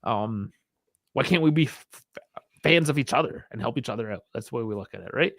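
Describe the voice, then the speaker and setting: A man's voice: medium pitch, lively intonation, a little fast, vocal fry, fairly bright tone, no echo, studio quality. A man co-hosting a casual livestream from a small furnace room at home, bantering and laughing easily. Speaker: co-host of a fan livestream.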